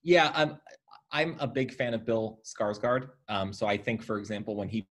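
Low-voiced, hesitant male podcast host. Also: moderate pace, a bit bright. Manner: hesitant, many ums, appreciative. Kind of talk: casual film discussion.

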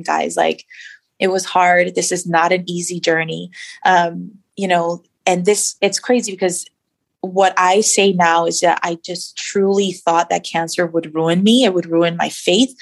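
A woman's voice: on the low side, vocal fry. A woman guest in an interview, sharing her personal faith story in an earnest, reflective way with many fillers.

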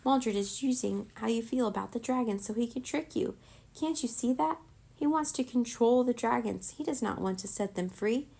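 A woman voicing a brave, outspoken young girl in a children's storybook, loud and urgent. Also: medium pitch, lively intonation, fairly quick, creaky, husky. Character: bold outspoken girl hero, brave and fiery.

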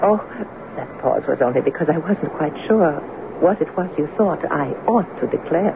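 A woman's voice: low voice, expressive, normal speed, vocal fry. A woman in her fifties playing a spirited, teasing French-born wife of an American general in an old-time radio drama. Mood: playful. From France. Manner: affectionate and playful. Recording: tinny, noisy old radio broadcast.

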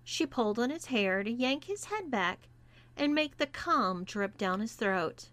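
A woman reading a scripted story aloud as narrator, in a deliberate manner. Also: medium pitch, animated, fairly bright tone. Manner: slow and deliberate. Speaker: erotica reader.

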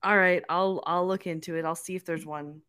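Chill lady cohost, kinda low voice, just talking straight. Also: fairly even intonation, a little fast, fairly bright tone, clean tone. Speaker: podcast co-host. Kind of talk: casual chat.

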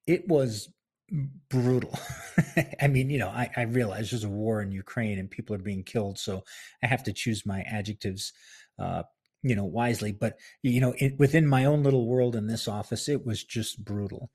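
A man's voice: fairly low pitch, normal speed, darkish tone, slightly rough. A man hosting a casual solo podcast from his home office, chatty and self-deprecating, laughing often. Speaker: podcast host. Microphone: close podcast mic.

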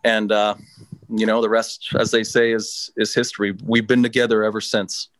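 A man's voice: fairly low pitch, little pitch movement, a bit bright, no echo. Laid-back man telling a story, dry sound. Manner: laid-back, swears freely, halting restarts. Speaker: guest. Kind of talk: casual storytelling.

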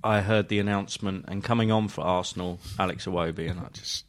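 A man's voice: deep voice, fairly even intonation, quick pace. A middle-aged man, a guest on a football podcast, telling rambling stories in an easygoing way. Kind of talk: casual football chat.

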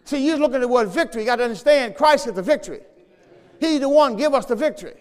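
A man's voice: very high voice, fast. A man preaching a sermon as pastor, teaching from scripture in a call-and-response style and repeating key phrases. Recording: long church reverb.

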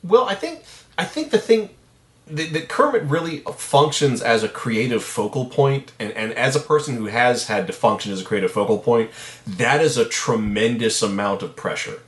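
A man chatting on a podcast with a wry, playful, measured delivery. His pitch moves a lot, and his voice carries a roomy echo. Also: lively intonation, a bit bright. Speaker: podcast co-host. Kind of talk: casual chat.

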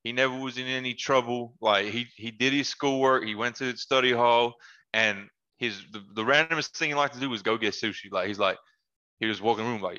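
A man with a bright, forceful voice tells relaxed stories on a podcast, mixing in slang and laughing easily. The audio is dull and lo-fi. He talks like he is among old friends. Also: medium pitch, a little fast. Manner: laid-back, laughs often, slangy asides. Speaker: podcast guest, former basketball player. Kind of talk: casual storytelling chat.

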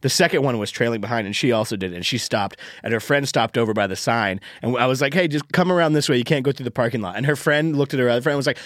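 A man telling door staff stories in a casual studio chat, loudly acting out his own yelling. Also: very fast, few pauses, no echo. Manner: animated, acts out loud yelling in high pitch when quoting himself. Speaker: comedy club door staff, podcast regular. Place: podcast studio.

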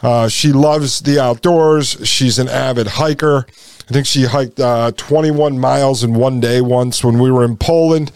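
A man's voice: mid-range voice, fairly even intonation, unhurried, a little mellow, smooth, no echo, studio quality. A man in his forties hosting a podcast, telling a personal story in a rambling, folksy way and speaking to listeners as folks. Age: 40s. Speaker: podcast host. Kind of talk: casual storytelling monologue.

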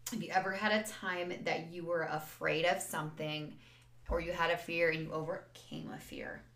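Low-voiced measured woman podcaster. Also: animated, fairly bright tone. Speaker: podcast co-host. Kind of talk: casual podcast chat. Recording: echoey room.

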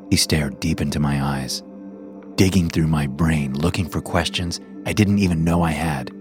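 A man with a very deep voice tells a first-person horror story, keeping it low, measured and tense. Faint music plays beneath him. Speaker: narrator.

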